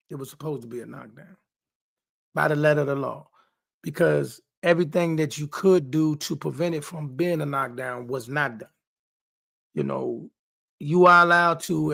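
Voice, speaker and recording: A man's voice: a little high, gravelly, fairly bright tone. A man hosting a sports talk show, giving emphatic casual commentary on boxing and repeating himself for stress. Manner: emphatic, repeats phrases, talks straight to people. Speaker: sports podcast host.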